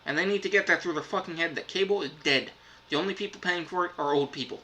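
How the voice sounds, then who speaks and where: A man's voice: high voice, fast, bright, forceful tone, a little hiss or hum, low-quality recording. A man reviewing streaming services in a frustrated, profane rant, swearing constantly.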